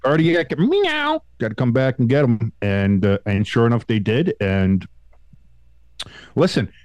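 Male podcast co-host with a cold, rambling and animated, dry close-mic sound. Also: fairly low pitch, measured pace, dry recording, lo-fi sound. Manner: rambling, animated, swears, many restarts. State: getting over a cold. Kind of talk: casual sports chat.

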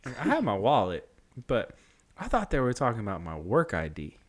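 A young man telling a story in casual chat, slangy, swearing a lot and animated. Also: mid-range voice, normal speed.

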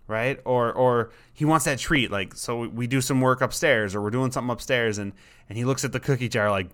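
A man's voice: mid-range voice, a little fast, fairly bright tone. A man hosting a podcast, talking casually and rambling, often repeating words and voicing his dog in short asides. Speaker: podcast host.

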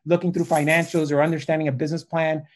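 A man telling stories in a casual podcast chat, animated and fond of saying "literally" and "right?". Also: on the high side, quick pace. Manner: animated storyteller, says "literally" and "right?" often. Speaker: podcast guest.

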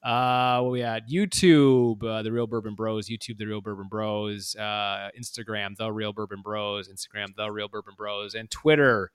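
A man's voice: fairly low pitch, steady tone, moderate pace, hardly any pauses, smooth, no room sound, clean studio sound. A man co-hosting a casual podcast chat, rambling and correcting himself as he talks. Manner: rambling, self-correcting, jokey. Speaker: podcast co-host.

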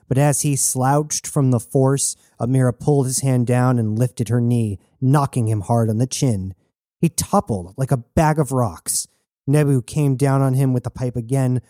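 A man narrating an audiobook in a steady, measured way, recorded close and dry. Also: mid-range voice, dry recording.

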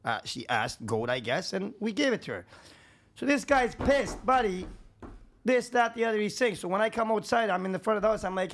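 A man, a podcast guest, telling rambling, profane anecdotes in casual chat, dropping low for asides and getting louder when excited. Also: fairly quick. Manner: swings between low asides and raised excitement. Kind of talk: casual storytelling.

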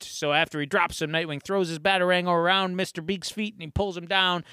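A man co-hosting a podcast, casually retelling a story in a rambling, animated way. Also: fairly high pitch, moderate pace, clean tone, no echo, studio quality. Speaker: podcast co-host. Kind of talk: casual chat, retelling an episode.

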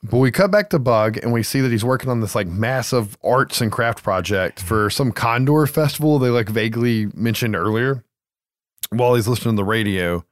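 A man's voice: medium pitch, normal speed, no room sound, studio quality. A man co-hosting a casual movie recap, loose and profane, laughing easily. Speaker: podcast co-host.

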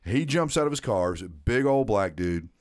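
A man co-hosting a podcast, telling a story in a laid-back, deadpan, casual way. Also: on the low side, moderate pace. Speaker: podcast co-host.

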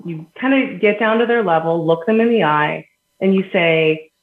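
This podcast guest, a woman with a lowish voice at normal speed, gives earnest explanations built on everyday examples and laughs between points. Sound quality is echoey and phone-like.

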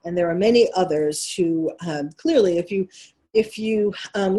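A woman's voice: on the low side, moderate pace, mellow. Woman with a New York accent hosting talk radio. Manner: emphatic, poses rhetorical questions.

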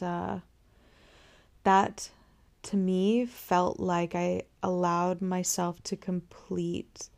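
A young woman tells a personal story for her podcast, her voice slightly low and mellow with a gravelly edge. She talks slowly and softly, pausing often and repeating herself as she reflects. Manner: slow, soft-spoken and reflective, many "um"s and repetitions. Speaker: podcast host.

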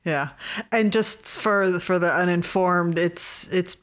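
A woman hosting a casual interview, asking questions and agreeing often. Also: fairly low pitch. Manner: unhurried, warm questions with frequent agreeing.

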